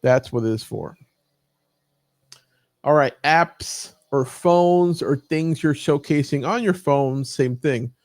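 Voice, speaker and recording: A man's voice: on the high side, slow pace, darkish tone, no room sound. Casual man coaching over a dry mic. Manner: casual, thinking aloud with many fillers. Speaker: YouTube coach. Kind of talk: live screen-share training.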